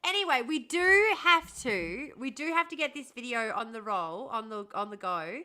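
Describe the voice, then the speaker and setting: A woman's voice: on the high side, expressive, normal speed, sharp tone. A woman hosting a casual livestream, chatting with her viewers and answering them with frequent laughs and sarcastic asides. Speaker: livestream host reading chat.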